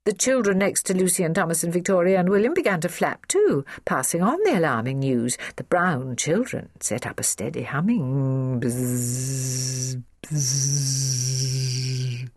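A woman narrating a children's audiobook in an expressive, storytelling way, recorded in a studio. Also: on the low side, moderate pace, hardly any pauses, no echo.

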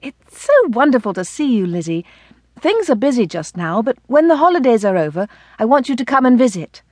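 A woman voicing an eager, delighted young married woman in an audiobook who rushes on as she talks. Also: a little high, big pitch swings, darkish tone, no echo, pitched above the performer's own voice. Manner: eager, rushing on.

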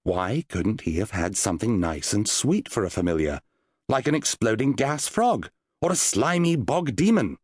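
A man narrating a children's fantasy audiobook with playful energy. His pitch moves animatedly through the story, and the recording is close and dry. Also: big pitch swings, normal speed, husky, dry recording.

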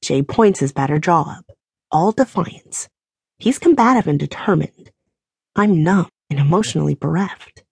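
Breathy woman narrating a romance audiobook. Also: deep voice, normal speed, no room sound. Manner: emotional, animated reading. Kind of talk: first-person romance narration.

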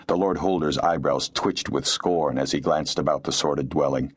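Deep-voiced man narrating an audiobook. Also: moderate pace, hardly any pauses, breathy edge. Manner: expressive storytelling. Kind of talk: scripted narration.

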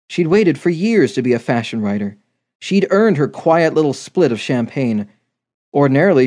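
A man reading a romance novel aloud in steady, measured scripted narration. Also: mid-range voice. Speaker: audiobook narrator.

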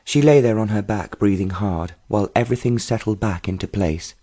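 A man narrating a romance novel audiobook in a measured storytelling manner. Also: lowish voice, mellow. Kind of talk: scripted narration.

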